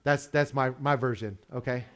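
A man preaches a sermon in a relaxed, conversational way. He puts questions to the congregation and chuckles between points. His voice sits at an ordinary middle pitch. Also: normal speed. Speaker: pastor.

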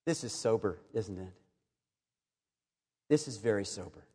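A man preaching a sermon in a measured, earnest way, reading and explaining scripture. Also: on the low side, lively intonation, dark tone, breathy edge. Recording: long hall reverb.

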